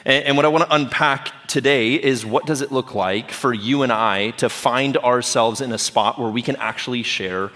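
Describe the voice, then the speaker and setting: A man's voice: mid-range voice, normal speed, hardly any pauses, pushed and bright. A man preaching a sermon as pastor in a conversational, humorous way, often checking in with the audience. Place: church auditorium. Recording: long reverb of a church hall.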